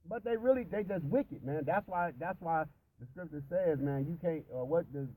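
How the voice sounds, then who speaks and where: A man's voice: on the high side, moderate pace, warm tone, a little hiss or hum, rough recording. A man telling stories and preaching in casual, profanity-heavy chat, rambling with many restarts. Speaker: religious discussion participant.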